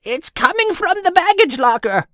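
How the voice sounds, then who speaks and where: A panicked old woman shrieking for help, her voice jumping very high and swinging wildly up and down as a male narrator puts her on. It is a dry, close audiobook recording with no room sound. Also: sing-song, moderate pace, dry recording, exaggerated voice. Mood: frantic. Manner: shrill, urgent yelling.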